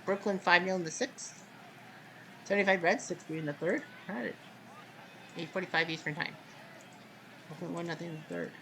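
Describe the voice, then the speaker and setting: A man hosting casual play-by-play commentary of a simulated baseball game, relaxed and chatty, with sudden loud calls on big plays. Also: high voice, normal speed, long pauses, slight background noise.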